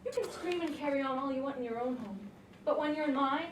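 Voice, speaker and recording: A woman playing a headstrong, quarrelsome young daughter in a stage play, scolding and shouting back. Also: high-pitched, fast talker, close to an everyday voice. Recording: roomy, distant mic with faint noise.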